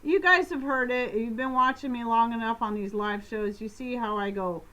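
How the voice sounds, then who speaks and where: A woman's voice: a little high, a bit bright. A woman co-hosting a homestead live stream, answering viewer questions in a loose, chatty way. She rambles, cuts herself off and jumps between thoughts, with a light laugh never far away. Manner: rambling, self-interrupting, quick laughs. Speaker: co-host of a homestead live show. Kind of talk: casual live-stream Q&A chat.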